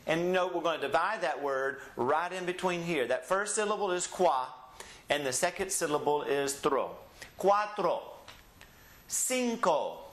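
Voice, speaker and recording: A man with a Southeast Texas accent teaches Spanish in an echoey room, his voice a little high, expressive and fairly bright. He stretches out every word slowly and has the learners echo him back in call-and-repeat drills, classroom style.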